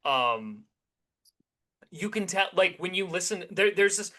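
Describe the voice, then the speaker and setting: A man's voice: high voice, lively intonation, unhurried, sharp tone. A man co-hosting a podcast, chatting casually and rambling animatedly through his opinions with many restarts. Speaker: podcast co-host.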